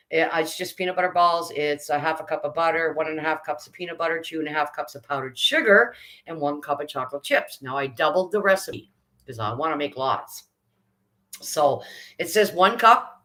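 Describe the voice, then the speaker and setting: A woman's voice: sits low, a bit bright, rough recording. A middle-aged woman talks casually through a live baking stream. She chats along as she works, greets viewers by name and reads out their comments.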